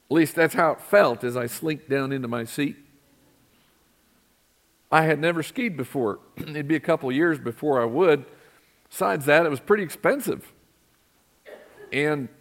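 A man's voice: a little high, fairly bright tone. A middle-aged man preaches in a church with a slightly raised voice. He keeps it conversational and keeps turning to the congregation with questions. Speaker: pastor. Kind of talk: sermon. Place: church sanctuary.

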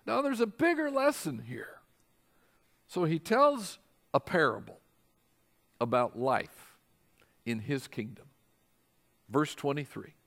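A man preaching a sermon, reading scripture and acting out the quoted voices with big swings in pitch and loudness. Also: slow pace, pauses often. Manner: animated, acts out quoted voices with big jumps in pitch and volume. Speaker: pastor.

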